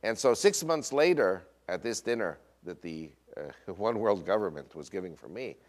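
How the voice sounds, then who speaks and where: Animated Northern US man telling a story. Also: low-pitched, moderate pace. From United States. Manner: animated retelling with quoted voices, frequent uh fillers. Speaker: speaker. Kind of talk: storytelling lecture.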